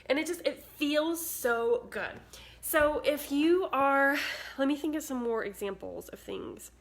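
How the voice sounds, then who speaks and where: A woman's voice: sits high, measured pace. A woman talking casually to her phone camera indoors, bubbly and chatty, with many "like"s. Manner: chatty, bubbly, says "like" a lot. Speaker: spiritual vlogger. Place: indoors at a house with cats.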